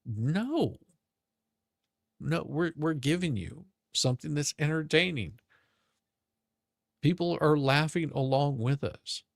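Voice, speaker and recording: A man with a gravelly, fry-laden voice rants on his stream in a slow, drawn-out way. He is profane and sarcastic and mocks those he talks about. The sound is dry and close. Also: fairly high pitch, lively intonation, no room sound. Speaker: streamer commentator. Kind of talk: ranting commentary. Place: home streaming setup.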